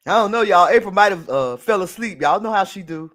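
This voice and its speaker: High-voiced sassy male talk host. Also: a bit bright. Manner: reads news items then adds sassy asides, calling listeners girl and honey; chatty, laughs often, addresses the audience as y'all. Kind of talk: casual live-stream commentary reading news aloud.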